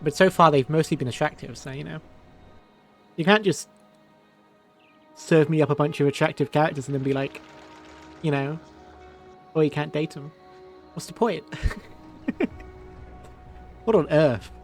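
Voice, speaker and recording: A man's voice: a little high, normal speed, long pauses, faint music behind. A male streamer chatting casually while playing a video game, laughing often. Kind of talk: game commentary.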